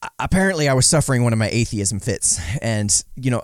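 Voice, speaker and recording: A man's voice: medium pitch, animated, quick pace, hardly any pauses, dry recording, studio quality. A man giving casual commentary, sarcastic and mocking, sometimes voicing quotes in exaggerated tones. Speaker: podcast commentator.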